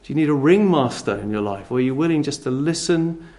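Speaking fast in a medium-pitched voice, a preacher keeps his sermon conversational and animated, packed with rhetorical questions.

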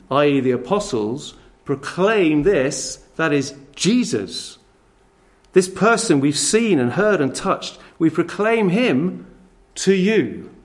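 A man preaching a sermon in a church, animated, acting out quick dialogues and chuckling at his own jokes. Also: a little high.

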